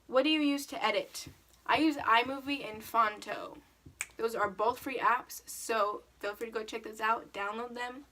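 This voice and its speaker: A woman's voice: a little high, fairly even intonation, normal speed, sharp tone, a little hiss or hum. A teenage girl telling stories and answering questions in a casual vlog, chatty and full of "like". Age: teens. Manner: chatty storytelling, lots of "like". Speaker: vlogger.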